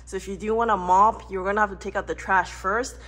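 A woman's voice: medium pitch, fairly even intonation, quick pace, a bit bright. A woman in her twenties giving a chatty, playful tour of her art studio, with giggly asides, recorded on a phone indoors. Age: 20s. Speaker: vlogger and illustrator. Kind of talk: casual studio tour vlog. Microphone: phone camera mic.

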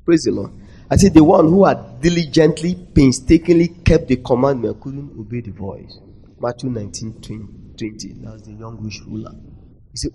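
A man preaching a sermon in a conference hall, prompting the audience to finish his sentences and swinging between loud emphasis and near-whispers. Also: medium pitch, lively intonation, brisk, husky.

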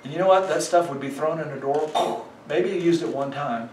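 A man's voice: fairly high pitch, brisk, darkish tone, reverberant, recorded from a distance, a little hiss or hum. A man, a pastor, preaching a sermon in a conversational way, often acting out the voices he quotes. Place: church sanctuary.

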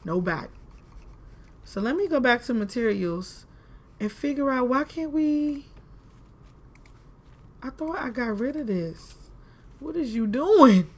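A woman's voice: a little high, expressive, unhurried, pauses often. Chatty woman playing a building game. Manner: chatty, talks to herself, exclaims in frustration. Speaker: gaming video creator. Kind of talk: casual let's-play commentary.

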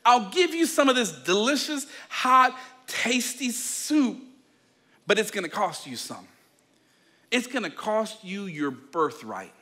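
A man's voice: high voice, sing-song, sharp tone, heavily acted. A pastor acting out a sly young man who teases his brother with soup and sets a steep price. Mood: scheming. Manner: teasing, drawn-out.

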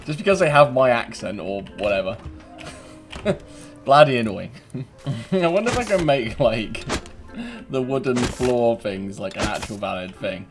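Cheeky British guy yelling over gameplay. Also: medium pitch, animated, unhurried, long pauses, music in the background. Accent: British English. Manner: cheeky, laughs a lot, bursts into loud taunting yells. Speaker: gaming YouTuber. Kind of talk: casual gameplay commentary.

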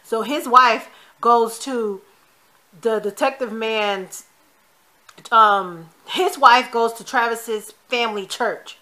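Speaking slowly in a fairly high, sharp-toned voice, a woman who vlogs TV recaps chats casually through an episode. She offers strong opinions on the scenes as she retells them, quoting characters along the way.

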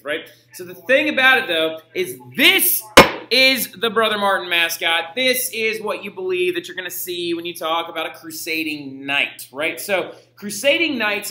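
Young guy teaching history, high bright voice, echoey room, super chatty. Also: lively intonation, normal speed. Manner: chatty, slangy, frequent "right?". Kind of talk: casual classroom lecture.

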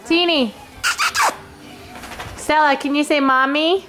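Young mother, high voice, slow unhurried coaxing, scolding toddlers, noisy home video. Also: steady tone, a bit bright. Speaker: parent filming her small children.

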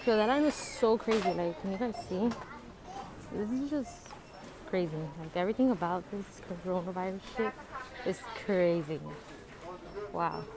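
A woman's voice: mid-range voice, normal speed, pauses often, a crowd in the background. A young woman from the Dominican Republic vlogging casually on a handheld phone in stores and on the street, talking in a blunt, profane, chatty way. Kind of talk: casual vlog narration. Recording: phone audio with loud public background noise.

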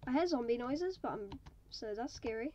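High-voiced woman chatting over gameplay. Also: animated, moderate pace, mellow, lo-fi sound. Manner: chatty, talking to viewers while playing. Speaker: gaming video maker. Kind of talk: casual gameplay commentary.

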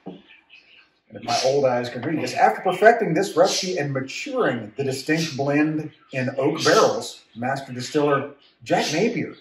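A man's voice: a little high, animated, moderate pace. A man co-hosting a casual whiskey-tasting chat, reading labels aloud and giving his take. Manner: reads bottle labels aloud, chatty. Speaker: podcast co-host reviewing whiskey. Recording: echoey room, mic at a distance, faint noise.

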